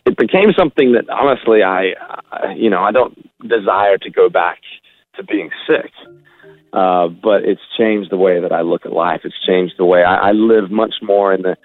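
A man, a musician guest, speaking candidly in casual interview chat, halting often with fillers. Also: low-pitched. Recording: dry, phone-like sound.

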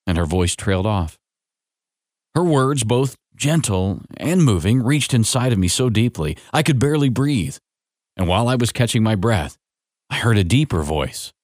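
Low-voiced man reading a story. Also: moderate pace, no room sound, clean studio sound. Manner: gentle, reflective, expressive. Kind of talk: scripted story narration.

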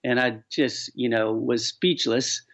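A man's voice: medium pitch, steady tone, slow pace, fairly bright tone. A man telling stories earnestly and with animation as an author guest on a radio interview. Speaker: author and charity founder, guest. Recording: dull lo-fi sound.

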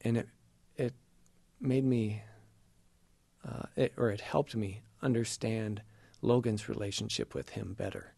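A middle-aged man telling an earnest, emotional faith story in conversation, pausing and halting as he goes. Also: lowish voice, fairly even intonation, vocal fry, darkish tone, no room sound. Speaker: guest sharing a personal faith story. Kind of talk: conversational testimony.

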